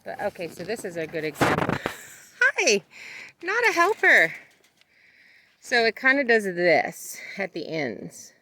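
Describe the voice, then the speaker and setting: A woman's voice: on the low side, lively intonation, normal speed, hardly any pauses, bright, forceful tone, a little hiss or hum. A woman talking casually to her camera outdoors on a farm, chatting and talking to her animals in a sing-song voice. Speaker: homesteading vlogger. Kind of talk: casual vlog narration.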